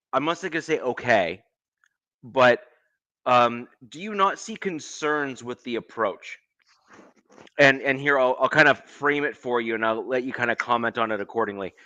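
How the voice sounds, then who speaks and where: A man with a mild Canadian accent, co-hosting a casual sports podcast, measured and hedging with frequent ums. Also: medium pitch, pushed and bright, dry recording. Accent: Canadian, close to American. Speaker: podcast co-host.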